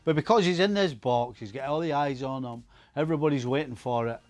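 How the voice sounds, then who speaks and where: A man's voice: medium pitch, fast, a little mellow. Scottish older man, emphatic pundit. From Scotland. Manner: emphatic, repeats himself. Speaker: football pundit. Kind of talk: casual studio chat.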